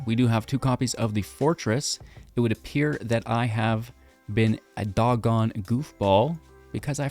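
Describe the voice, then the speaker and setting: A man's voice: lowish voice, creaky, a little mellow. A man giving upbeat, chatty commentary on a card game deck and his matches, thinking aloud as he plays. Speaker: gaming content creator.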